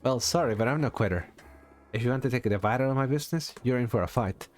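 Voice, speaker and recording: A man voicing a determined young female potion shopkeeper who talks back in a defiant, sharp-tongued way. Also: mid-range voice, fast, faint music behind, close to an everyday voice.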